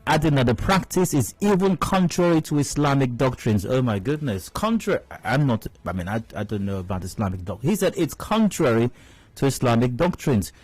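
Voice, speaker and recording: A man's voice: mid-range voice, expressive, fairly quick, darkish tone, husky, dry recording, low-quality recording. A Nigerian man hosting a radio show, giving indignant, emphatic commentary and repeating phrases for stress. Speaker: radio host. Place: radio studio. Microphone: studio mic.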